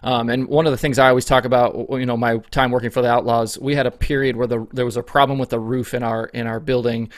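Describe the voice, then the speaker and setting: A man in a mid-range voice hosts a casual interview. He talks fast and chatty, with easy fillers. The sound is dry and close. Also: medium pitch, level tone, no echo. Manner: chatty, upbeat questions with "like" fillers. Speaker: podcast host, interviewer.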